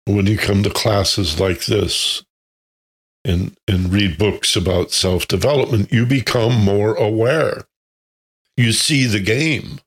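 A man's voice: on the low side, slow pace, husky. A man teaching a self-development class who tells anecdotes, chuckles and asks rhetorical questions.

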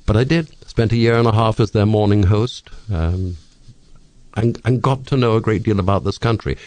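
A man's voice: fairly low pitch, a little fast, no echo. An older man from England with a British accent, telling witty stories as a radio guest in a studio. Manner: storytelling, witty, expressive. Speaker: radio talk host, guest. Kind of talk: radio interview.

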